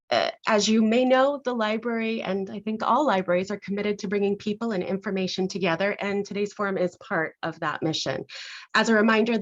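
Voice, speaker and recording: A woman with a mid-pitched voice gives informal welcome remarks at a forum, with the odd filler along the way. The audio is dull and lo-fi. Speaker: library director.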